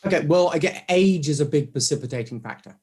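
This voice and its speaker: A man being interviewed, telling stories in a lively conversational way and acting out what other people said. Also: a little high, fast, husky. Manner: animated storytelling, acts out quoted voices. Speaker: guest, orthodontic clinician.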